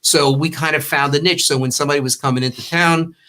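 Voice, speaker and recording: Quick-paced and steady in tone, his fairly high-pitched voice carries long anecdotes told in casual talk. This older former magazine owner from Long Island, New York acts out the quotes, and his storytelling rambles warmly.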